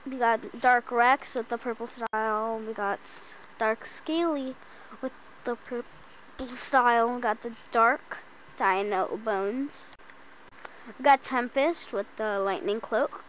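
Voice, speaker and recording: A woman hosting a casual game item shop rundown, hiccuping and listing items excitedly while stumbling over names. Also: on the high side, slight background noise, poor audio. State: has the hiccups. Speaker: gaming channel host.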